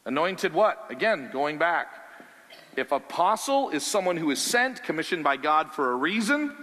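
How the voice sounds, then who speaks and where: A pastor preaching a sermon in an animated, conversational way, asking the listeners questions. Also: male voice, on the high side, long reverb tail.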